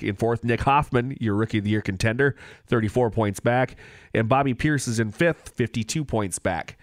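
A man co-hosting a podcast, running through race results and standings in a casual, brisk way. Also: mid-range voice, no echo, studio quality. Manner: brisk, reads standings and lap details, laughs easily.

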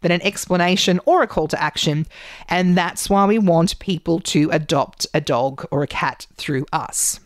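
A woman hosting a podcast, giving public speaking tips in an animated, gesturing way from a studio microphone. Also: lowish voice, moderate pace, no echo. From Australia. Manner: animated, gestures a lot while talking. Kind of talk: solo podcast teaching.

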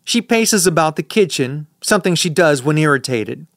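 A man's voice: a little high, expressive, normal speed, fairly bright tone, dry recording. A man narrating a first-person audiobook in a dry, sardonic manner, recorded on a close studio mic.

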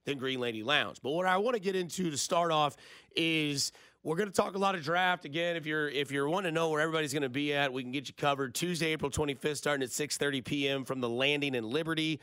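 A man's voice: on the high side, quick pace, pushed and bright, clean tone, no echo, clean studio sound. A man, hosting a sports radio show in a rambling, jokey storytelling way. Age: 30s. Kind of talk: casual radio talk.

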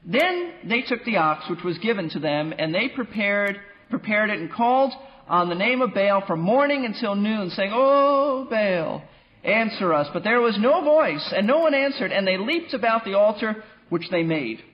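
Man pastor, high voice that swings widely, muffled lo-fi sound, faint music behind. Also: moderate pace. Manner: animated and wry, with playful asides. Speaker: pastor teaching a Bible class. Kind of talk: lively Bible teaching.

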